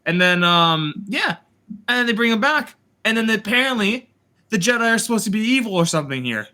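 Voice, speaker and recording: High, bright-voiced sarcastic man. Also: a little fast. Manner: animated, sarcastic retelling with swearing and put-on quotes. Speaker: host reviewing a TV series. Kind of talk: casual review chat.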